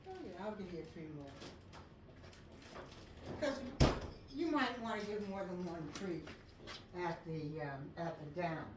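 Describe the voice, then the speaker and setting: A woman dog trainer coaching a session, calmly instructing and breaking into high, excited praise for the dog. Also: a little slow, long pauses. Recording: echoey, distant mic, faint noise.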